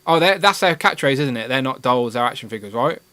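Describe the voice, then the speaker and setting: A man's voice: mid-range voice, expressive, fast talker, bright, forceful tone, no room sound. A man hosting a casual live stream about toys, joking and reading out viewer comments. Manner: jokey, reads out viewer comments. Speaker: livestream host.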